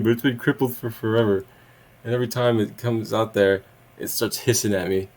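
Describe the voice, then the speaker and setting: A man's voice: deep voice, fairly quick, vocal fry. A man rambling through a casual vlog monologue, laughing mid-sentence and swearing when annoyed. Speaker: vlogger.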